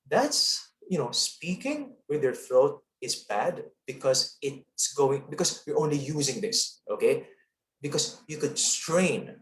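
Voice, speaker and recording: This reverberant, mid-range male voice has a Filipino accent and broadcast training, used to run an online public-speaking lesson. He coaches throughout, checking in frequently with "okay?".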